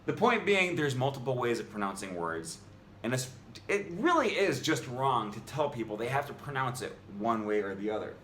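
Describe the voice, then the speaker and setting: A man vlogging about language reads an article and pushes back against it, argumentative and exasperated. Very animated and a bit bright, he speaks at medium pitch and normal speed, with faint ambient noise and roomy echo in the recording.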